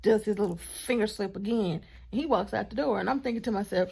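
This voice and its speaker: A woman vlogger telling a storytime in a chatty, animated way, with asides to her partner off camera. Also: medium pitch, fast talker, vocal fry, hardly any pauses, breathy edge. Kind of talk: casual storytime vlog.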